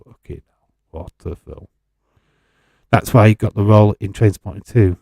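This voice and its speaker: A man's voice: on the low side, normal speed, creaky, mellow, dry recording. A man hosting a casual wrestling watch-along, rambling and chatty between bouts of commentary, swearing freely. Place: home in Fife.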